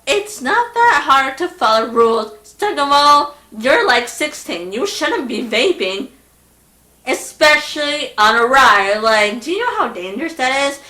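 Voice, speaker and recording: A young woman telling a storytime in a casual, exasperated way, acting out the people she quotes. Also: a little high. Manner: animated, exasperated, acts out voices in quotes. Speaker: vlogger. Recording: echoey room.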